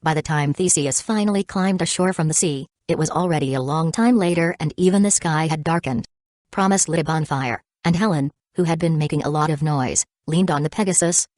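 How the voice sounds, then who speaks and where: A woman narrating an audiobook of a web novel in a steady, even reading. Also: low voice, no echo, clean studio sound.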